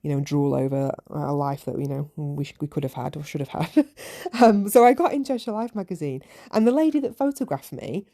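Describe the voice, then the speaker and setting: A woman with a gravelly low voice, chatty. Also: warm tone. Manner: chatty and candid, many "you know" asides. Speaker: podcast host. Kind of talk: casual solo podcast storytelling.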